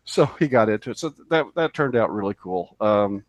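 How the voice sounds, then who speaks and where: A radio co-host in the studio spins out a long, rambling story, full of fillers and false starts. He speaks in a lowish, animated voice at a brisk clip, with no room sound.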